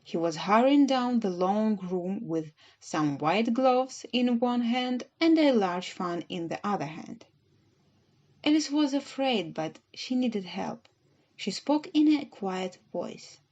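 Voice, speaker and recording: A woman narrating a children's storybook audiobook in a measured, gentle reading. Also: medium pitch, lively intonation, muffled recording.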